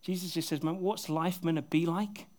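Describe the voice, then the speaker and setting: Male pastor, higher-pitched, delivering an earnest sermon with soft, intimate drops and light self-mocking humor. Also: fairly even intonation, normal speed. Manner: earnest, often dropping to soft, intimate tones; self-deprecating humor with bursts of laughter. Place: church service with a congregation.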